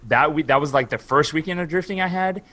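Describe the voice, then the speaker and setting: A man's voice: on the high side, quick pace, fairly bright tone. A man from Houston, Texas, a podcast guest telling a long story in casual chat, swearing freely, filling his talk with "like" and acting out what people said. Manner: rambling, profane, heavy use of "like"; acts out quoted dialogue.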